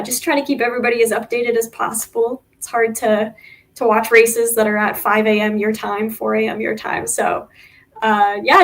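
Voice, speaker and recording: A woman motorcycle racer being interviewed, talking in a friendly, relaxed way with many small fillers. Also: fairly high pitch, gravelly. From United States. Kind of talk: casual interview.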